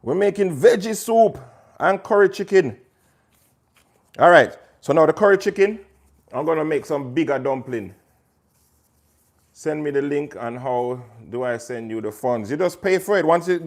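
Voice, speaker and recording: A man's voice: fairly high pitch, moderate pace. A man hosting a casual cooking livestream, chatting to viewers by name while he cooks in a kitchen. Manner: chatty, talks to viewers by name, pushes his cookbook. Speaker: chef and host.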